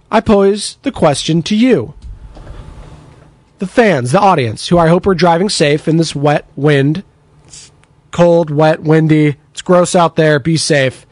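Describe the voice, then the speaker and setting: A man's voice: a little high, dry recording. A man hosting a sports talk radio show, chatting energetically and reading out listener texts. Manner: energetic, chatty, takes text-line messages.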